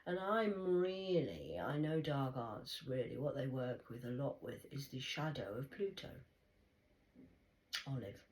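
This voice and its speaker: A woman giving a rambling spiritual monologue, swinging between loud exclamations and soft whispers. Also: a bass voice, lively intonation, measured pace, low-quality recording. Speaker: spiritual vlogger.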